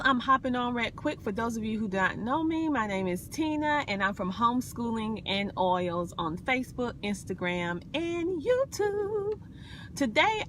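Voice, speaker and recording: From her car, a South Carolina woman who vlogs about wellness chats on a live video in a folksy Southern accent, saying um a lot. Her voice is mid-range and fairly bright, and the audio has a faint hiss or hum.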